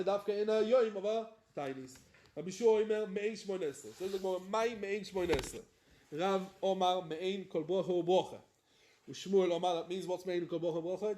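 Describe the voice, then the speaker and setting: A rabbi teaching Talmud, chanting the text and then explaining it in plain talk. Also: male voice, high-pitched, dark tone, echoey room. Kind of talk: Talmud lesson, reading and explaining.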